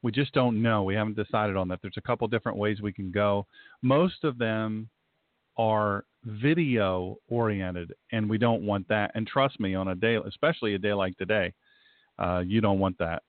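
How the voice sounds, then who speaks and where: Low-voiced Southern preacher on a phone line. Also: male voice, moderate pace, dry recording. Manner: rambling, folksy, repeats himself, fired up. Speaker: talk show host and pastor. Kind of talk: casual radio talk. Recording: tinny dry phone-line audio.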